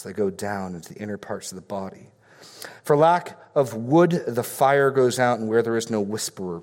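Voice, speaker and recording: A man's voice: on the low side, a little mellow, long reverb tail. A man preaching a sermon as a pastor, reading scripture passages aloud and explaining them with pointed questions.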